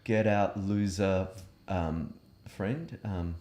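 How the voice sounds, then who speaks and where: Man, South Australian accent, low voice, roomy echo, hesitant and thoughtful. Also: very slow, very noisy. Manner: hesitant, thoughtful, many fillers. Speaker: guest, learning and development coach. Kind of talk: casual interview chat.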